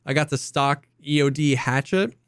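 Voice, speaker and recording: A young man co-hosting a casual podcast, an excitable storyteller who acts out quotes in high voices. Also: normal speed, clean tone, no echo, studio quality. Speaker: podcast co-host. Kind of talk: casual chat.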